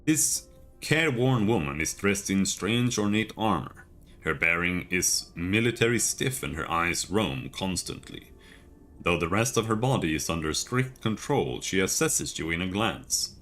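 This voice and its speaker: A man streaming a video game, reading its text aloud in a steady, measured way with casual asides. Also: sits low.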